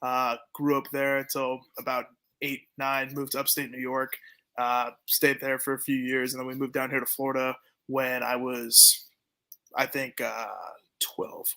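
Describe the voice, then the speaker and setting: Young man, monotone, laid-back, blunt, swears freely, casual interview guest. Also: medium pitch, a little slow. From Canada. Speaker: jiu-jitsu gym owner and event promoter.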